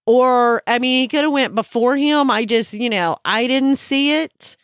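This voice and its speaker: A woman co-hosting a podcast in casual chat, excitable and chatty. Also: on the high side, a little slow, smooth, no echo, studio quality. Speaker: podcast co-host.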